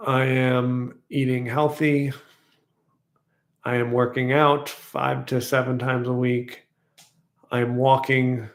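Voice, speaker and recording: Guy vlogging about his week, rambly and reflective, kinda gravelly, roomy echo. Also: medium pitch. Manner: reflective, rambling, repeats affirmations slowly. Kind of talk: casual personal vlog storytelling.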